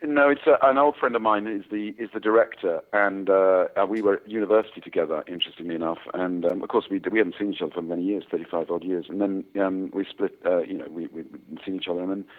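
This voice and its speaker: In a relaxed interview, a man in his sixties, an actor, discusses his work, rambling and filling his speech with fillers and restarts. His voice is deep, and he talks fast with few pauses. The audio has a tinny, phone-like quality.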